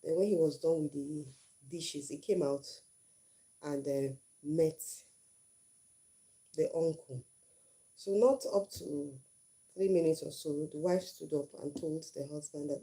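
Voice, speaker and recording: Earnest woman with a dark, mellow voice. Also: sits low, fairly even intonation, measured pace, long pauses. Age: middle-aged. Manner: earnest, repeats phrases for emphasis. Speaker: channel host on her first livestream. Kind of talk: casual storytelling and advice.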